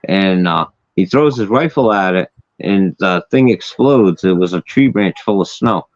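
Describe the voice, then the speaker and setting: A man's voice: deep voice, lively intonation, measured pace, dry recording. A man hosting a casual chat, telling a wild story with lots of swearing and laughing at his own punchlines. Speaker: host. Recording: dull lo-fi sound, dry.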